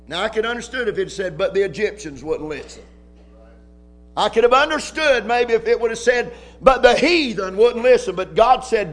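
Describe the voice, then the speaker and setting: A man preaching a sermon as pastor at a church service, reading scripture with slow emphasis and rising to loud cries. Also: high-pitched, expressive, faint music behind.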